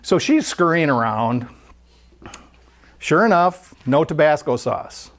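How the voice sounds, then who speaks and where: A speaker at a spiritual center, telling a story during a sermon in a conversational, animated way. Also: mid-range voice, takes it slowly.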